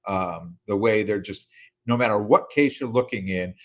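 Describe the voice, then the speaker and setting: A man's voice: fairly low pitch, moderate pace. A middle-aged man hosting a podcast, giving a casual, rambling recap full of fillers and restarts. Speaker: podcast host.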